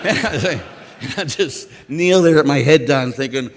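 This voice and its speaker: A man's voice: fairly high pitch, animated, a little fast, creaky. A man in his fifties from Pittsburgh, a priest giving a conference talk on confession, telling stories with self-deprecating humor and acted asides. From Pittsburgh, USA. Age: 50s. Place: conference hall. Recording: long reverb in a large hall.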